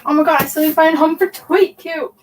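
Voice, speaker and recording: Speaking briskly in a steady, high voice, a young woman chats on a casual livestream as she reorganizes the bookshelves in a room at home. She thinks aloud and rambles, with frequent "like" and "um." The sound comes from a distant mic, with faint noise in the background.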